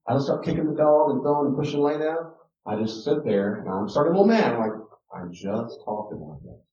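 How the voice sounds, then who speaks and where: A middle-aged man lectures in a mellow, warm voice, slipping into folksy stories and repeating himself for emphasis. He stands well back from the microphone in a roomy space. The dull archive recording takes the edge off his voice. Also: fairly high pitch, fast talker, distant mic. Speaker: teacher giving a parenting talk.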